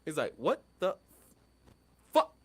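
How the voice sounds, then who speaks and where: A man's voice: high-pitched, slow pace, slightly rough. A man with a slightly raised voice holds the floor on a casual podcast. He tells stories with lots of profanity and slips into the voices of the people he quotes. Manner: animated storyteller, acts out quotes, lots of profanity. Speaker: podcast co-host.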